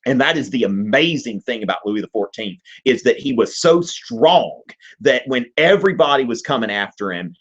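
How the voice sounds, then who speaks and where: A man hosting a live history Q&A, explaining in an animated, joking, digressive way. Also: medium pitch, moderate pace. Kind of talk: casual live-stream lesson. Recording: dull lo-fi stream audio.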